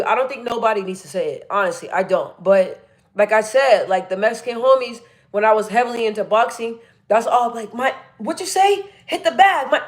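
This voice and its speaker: A young woman chatting casually on a livestream, reading viewer comments aloud and laughing often. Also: fairly high pitch. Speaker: livestream host.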